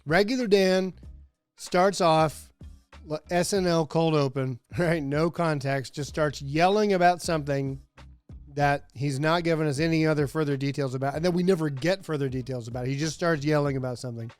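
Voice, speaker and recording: A man's voice: on the high side, normal speed, clean tone, faint music behind. A man hosting a comedic wrestling review, talking casually and sarcastically with lots of fillers. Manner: rambling, sarcastic, many fillers, laughs often. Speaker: host.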